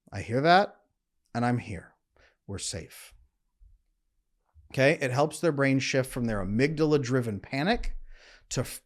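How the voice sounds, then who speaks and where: A relationship coach delivers an earnest, emphatic instructional monologue in a mid-range voice, slowing down at times to demonstrate calm.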